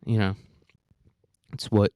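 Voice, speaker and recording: A young man with a rambling, crude, deadpan manner, ranting satirically as a podcast host on a close microphone. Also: slow pace, no room sound. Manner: rambling, crude, deadpan provocative, many restarts. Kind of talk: satirical comedic rant.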